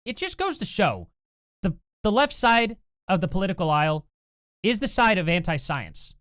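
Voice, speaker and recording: A host ranting in casual political commentary from a home setup, sarcastic and animated, with laughing asides, recorded on a computer mic without a compressor. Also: mid-range voice, moderate pace, clear, resonant tone, no room sound, studio quality.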